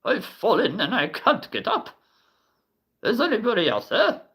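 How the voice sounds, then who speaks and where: A man voicing a cranky, doddering elderly grandpa in a slow, quavering, grumbling manner. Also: high voice, wildly swooping pitch, sharp tone, husky, voice pushed up, exaggerated voice, rough recording. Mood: flustered.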